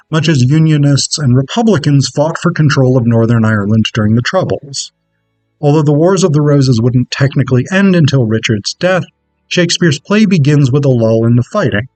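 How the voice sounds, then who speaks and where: A man reads his academic conference paper aloud in an even, measured way. His voice sits at a middle pitch. The sound is dry and close, with faint music underneath. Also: no room sound, low-quality recording. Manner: measured, scripted delivery. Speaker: conference presenter.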